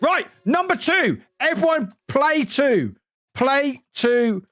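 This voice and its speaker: Excitable high-voiced British man streaming. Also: takes it slowly, no echo, faint music behind. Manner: excitable, laughs often, swears, bursts into high shouts. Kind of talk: casual live-stream chat while playing.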